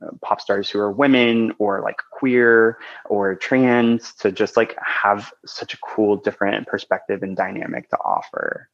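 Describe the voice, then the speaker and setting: A man's voice: lowish voice, fairly even intonation, a little slow, creaky, a bit bright, lo-fi sound. A man talking as a podcast guest in casual chat, chatty and full of restarts. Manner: chatty, many likes and restarts.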